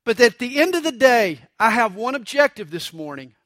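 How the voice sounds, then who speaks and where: High-voiced bright preacher telling stories. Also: male voice, sing-song, moderate pace, no echo, studio quality. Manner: storytelling with jokes, shifts to acted voices for quotes. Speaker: pastor. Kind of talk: sermon.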